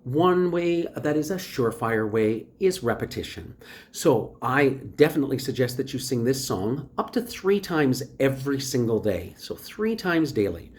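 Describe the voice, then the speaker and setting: A woman teaching a recorded voice lesson, explaining exercises and practice steps in a clear, instructive way. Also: a bass voice, animated, normal speed, darkish tone.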